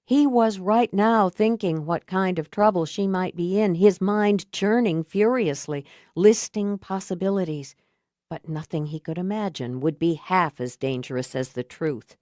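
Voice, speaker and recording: A woman narrating a suspense audiobook, reading in a measured, even way. She takes her time, with an unhurried pace and a lowish voice. The recording is close and dry. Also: no room sound. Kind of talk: scripted narration.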